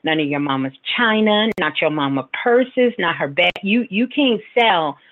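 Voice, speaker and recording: A woman's voice: on the low side, normal speed. Teasing middle-aged woman host on a tinny line. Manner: animated, teasing, laughs often, acts out quoted voices. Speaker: radio host and spiritual advisor. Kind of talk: casual advice chat. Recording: tinny phone-line sound.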